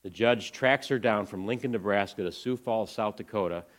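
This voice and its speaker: A man giving an inspirational talk to a church audience, storytelling earnestly and swinging from hushed lines to excited ones. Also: lowish voice, normal speed. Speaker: ministry speaker presenting to a church audience.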